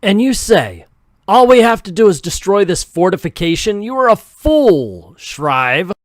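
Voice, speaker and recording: A sneering, blood-hungry vampire commando drawls his lines slowly, voiced by a man reading a comic aloud. The voice sits dry and close to the mic. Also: high-pitched, sing-song, dry recording, pitched above the performer's own voice.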